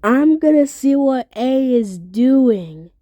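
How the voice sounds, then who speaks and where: A woman's voice: high-pitched, lively intonation, slow, mellow, dry recording. A woman cooing fondly at a toy kitty while telling a play story. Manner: cooing, fond.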